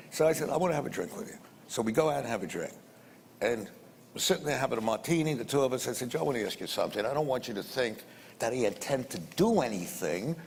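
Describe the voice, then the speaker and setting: A man's voice: mid-range voice, a little mellow, slight background noise. An older man telling a conversational business anecdote, repeating phrases and acting out the dialogue. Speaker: investor telling a story. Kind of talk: anecdotal storytelling. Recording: long hall reverb, faint ambience.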